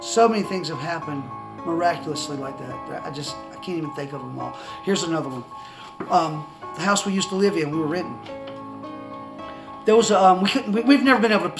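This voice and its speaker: High-voiced man telling a rambling testimony. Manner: rambling, repeats and restarts words, chuckles often. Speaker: person giving a religious testimony. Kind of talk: casual storytelling to camera. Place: indoors at home in the countryside. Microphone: camera in front of a seated speaker.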